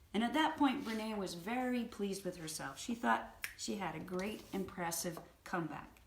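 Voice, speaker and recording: A woman hosting a book review, retelling an anecdote in a vivid, animated storytelling manner. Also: mid-range voice, moderate pace, hardly any pauses. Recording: roomy echo.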